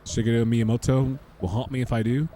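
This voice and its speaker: A man's voice: mid-range voice, flat delivery, a little fast, mellow, a little hiss or hum. A man streaming a game, joking casually and chatting with viewers by name. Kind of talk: casual live-stream commentary. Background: game music.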